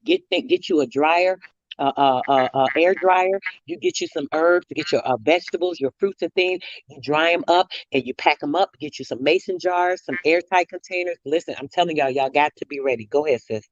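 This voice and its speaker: A woman's voice: low-pitched, a little fast, dry recording. Middle-aged woman host, emphatic and fired up, dry muffled lo-fi sound. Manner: emphatic, heated storytelling. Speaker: radio talk show host. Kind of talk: casual chat. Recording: dry, dull lo-fi audio.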